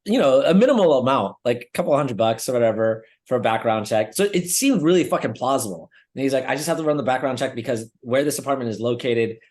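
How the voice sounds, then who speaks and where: Young man, podcast co-host, casual rambling story, lots of fillers and swearing, mid-pitched voice. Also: animated, quick pace, few pauses, darkish tone. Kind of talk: casual chat.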